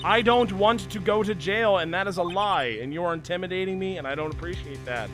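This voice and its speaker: A scared young witness woman, put on by a man in a fairly high voice, halting and pleading as she begs to be believed. Video game music plays underneath. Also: lightly acted. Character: frightened young female courtroom witness.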